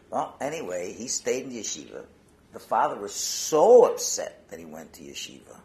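Gravelly-voiced man retelling a story. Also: lowish voice, normal speed. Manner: animated retelling, swinging between loud and hushed; conversational asides and restarts. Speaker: Torah teacher. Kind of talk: storytelling talk.

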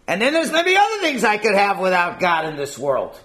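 Man teaching torah, lively up and down voice, casual and chatty, lots of questions. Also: a little high, fairly quick, hardly any pauses. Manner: animated, conversational, rhetorical questions. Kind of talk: informal lesson.

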